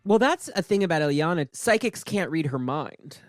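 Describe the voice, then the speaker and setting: A woman's voice: low voice, normal speed, soft background music. A woman hosting a podcast, recapping comics in casual comic chat and acting out the characters she quotes. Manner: animated, acts out characters in quotes. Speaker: podcast host.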